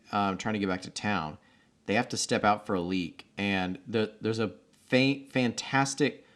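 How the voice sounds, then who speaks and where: Male co-host, low-pitched, easygoing and jokey. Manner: jokey, laughs while retelling scenes. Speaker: podcast co-host. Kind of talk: casual chat.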